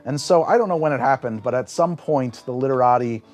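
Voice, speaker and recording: A man with a middle-pitched voice hosts a cocktail show and explains a drink's history in a lively, storytelling way. His emphasis rises and falls sharply. He turns quieter and more reflective when he tastes and names the flavors, with faint music under his talk. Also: a little fast. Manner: animated storytelling with big swings in emphasis; tastes and describes aloud in a quieter voice. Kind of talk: conversational explainer.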